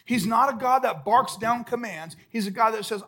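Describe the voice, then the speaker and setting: A man preaching a sermon as pastor at a church service, emphatic, swinging between loud outbursts and hushed, soft lines. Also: very high-pitched, normal speed, slightly rough.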